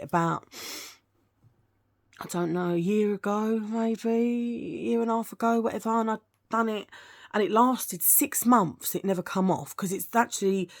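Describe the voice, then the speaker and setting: A middle-aged woman talks her way through a beauty product review in a loose, rambling vlog chat. She is frank and chatty and often wanders off her point. Her voice sits at an average pitch for a woman. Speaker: beauty vlogger.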